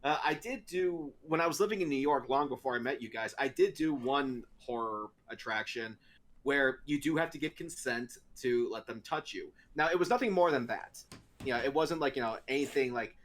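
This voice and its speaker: A man's voice: medium pitch, normal speed. A man co-hosting a casual talk show, telling a story with frequent laughs. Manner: animated storyteller, laughs often. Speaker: podcast co-host. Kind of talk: casual chat.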